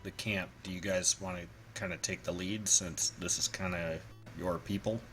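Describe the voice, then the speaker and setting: A man's voice: low voice, fairly even intonation, normal speed, fairly bright tone, soft background music, rough recording. A man joking and teasing as a player in a tabletop game.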